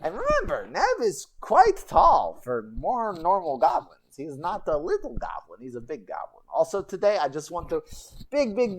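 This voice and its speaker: A woman's voice: on the low side, a little hiss or hum. A woman streamer telling a goblin legend in rambling, broken goblin-style grammar, with chatty asides. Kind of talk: casual livestream storytelling.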